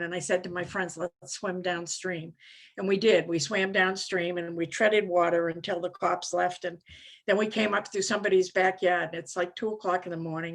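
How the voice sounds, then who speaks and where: A woman in her seventies from Maine telling her recovery story at a conference, rambling and self-mocking, with frequent "you know"s. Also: lowish voice. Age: 70s. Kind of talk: personal recovery story talk.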